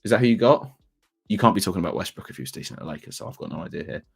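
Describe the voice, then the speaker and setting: Male streamer, thirties, low pitch, rambling, self-mocking live chat. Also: lively intonation, racing, gravelly, husky, soft background music. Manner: rambling, self-deprecating, chatty. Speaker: fantasy basketball streamer.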